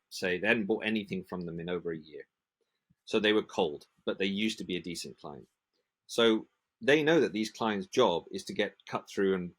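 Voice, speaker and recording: Man, from the UK, low-pitched voice, passionate, acts out dialogues, podcast interview. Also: a bit bright. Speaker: print industry association manager.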